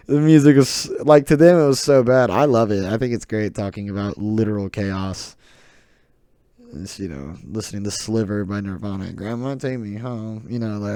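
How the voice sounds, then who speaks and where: This is a Southern US teenage boy hosting a podcast alone, talking in a rambling way, laughing frequently and mocking himself. His fairly low voice is mellow, picked up dry on a close desk mic.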